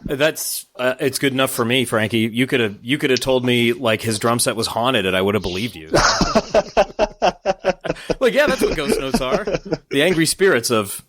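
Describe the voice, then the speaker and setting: A man's voice: medium pitch, expressive, normal speed, fairly bright tone, dry recording. A man co-hosting a music podcast, talking enthusiastically and a bit nerdily, poking fun at himself with small laughs. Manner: enthusiastic, nerdy, self-deprecating, breaks into little laughs. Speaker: podcast co-host. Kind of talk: casual music discussion.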